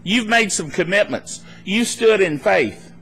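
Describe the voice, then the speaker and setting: A male pastor delivering a live sermon at a church meeting. His voice sits high and sounds bright and forceful. He swings his pitch widely as he acts out anxious voices and laughs between his points. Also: unhurried, gravelly, breathy edge, faint music behind. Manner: animated preaching, laughing between points, acting out worried voices.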